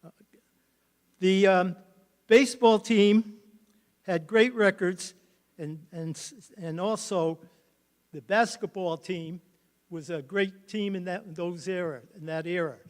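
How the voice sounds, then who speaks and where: An older man, a former coach, giving a halting, emotional speech at a hall of fame induction ceremony. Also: high voice, fairly even intonation.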